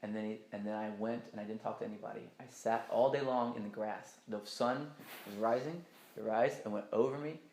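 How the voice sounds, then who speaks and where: A man's voice: on the low side, fairly quick, a little mellow, roomy sound. A man telling a personal story in a casual, rambling and emphatic way, swearing often.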